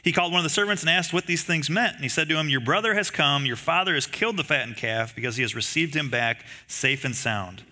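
A man's voice: on the high side, lively intonation, quick pace, hardly any pauses, pushed and bright. A man preaching a sermon in a conversational way, telling stories, asking the listeners rhetorical questions and acting out the lines of the people in the story. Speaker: pastor.

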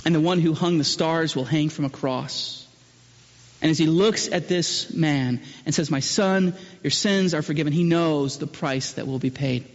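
A pastor with a high voice delivers a sermon to his congregation, posing question after question. He surges into loud, emphatic peaks, then sinks low for solemn moments. The sound is muffled and trails off in a long church-hall reverb. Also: normal speed.

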